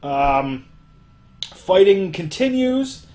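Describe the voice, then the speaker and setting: A man's voice: high-pitched, big pitch swings, extremely slow, darkish tone. Young man, podcast host, casual chat, rambling recap, lots of ums. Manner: rambling recap full of fillers.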